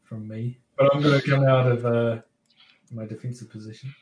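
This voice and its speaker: A man's voice: mid-range voice, steady tone, normal speed, a little mellow, a little hiss or hum. Easygoing male player, echoey room. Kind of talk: tabletop role-play chat.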